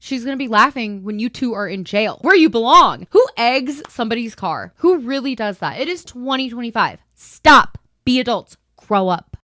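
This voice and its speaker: Bright, chatty young woman host. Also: a little high, animated, normal speed, few pauses, no echo, clean studio sound. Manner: emphatic, chatty, speaks straight to the viewer. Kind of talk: casual chat reading and reacting to online stories.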